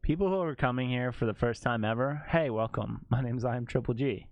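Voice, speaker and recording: A man's voice: mid-range voice, brisk, no room sound. A man streaming, chatting casually while editing photos, joking and laughing often.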